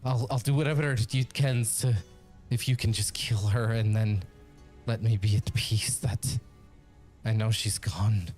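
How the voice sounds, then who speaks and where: A gaunt, sickly, cursed man stammers through halting, pleading sentences in slow, broken phrases, as a man puts him on. His voice sits fairly low, with faint music behind. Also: fairly even intonation, a little mellow, natural voice. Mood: anguished.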